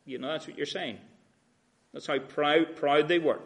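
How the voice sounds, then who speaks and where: A man preaching an expository sermon, reading verses and paraphrasing them in a sarcastic everyday voice, swinging from loud emphatic lines to quiet asides. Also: a little high, steady tone, moderate pace.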